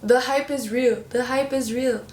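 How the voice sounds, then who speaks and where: A young woman chatting casually as a book vlogger, expressive and playful, with slang. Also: high voice, unhurried. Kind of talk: casual book review chat. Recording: roomy echo with faint background hiss.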